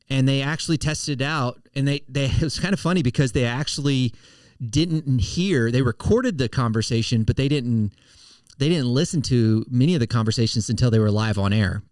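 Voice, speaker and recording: A man's voice: mid-range voice, a little mellow, no room sound. A middle-aged man hosting a podcast, talking in a casual, conversational way with frequent restarts. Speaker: podcast host and financial firm CEO.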